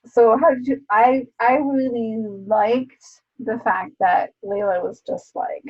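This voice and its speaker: A woman co-hosting a casual book club chat, retelling scenes in an animated way with laughs and swearing. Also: on the high side, slow. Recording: dull lo-fi sound.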